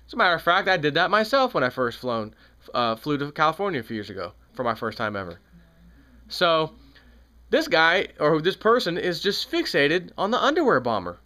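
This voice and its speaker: A man's voice: fairly high pitch, sing-song, brisk, sharp tone. A man giving an angry, sarcastic political commentary on his own channel, repeating points with rising heat. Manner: heated, sarcastic, repetitive. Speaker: video commentator.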